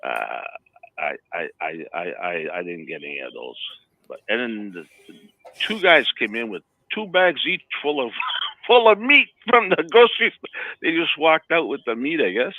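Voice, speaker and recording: A man's voice: mid-range voice, big pitch swings, normal speed, dry recording. A man telling rambling stories in a casual chat as co-host, often stammering and laughing. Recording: dry, phone-like line.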